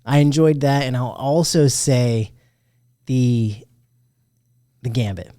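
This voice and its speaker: A man in his thirties hosting a podcast, chatting casually about a movie, animated and jokey, with plenty of swearing. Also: mid-range voice, slow, no room sound, studio quality. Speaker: podcast host. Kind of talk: casual movie review chat.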